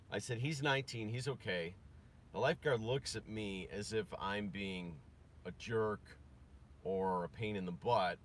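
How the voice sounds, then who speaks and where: A man speaks in a fairly low register and talks casually, circling back and restarting his sentences as he vlogs. He is recorded outdoors, and steady traffic noise sits clearly under his voice. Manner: rambling, with frequent restarts and fillers. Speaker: parent vlogger. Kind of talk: casual spoken vlog.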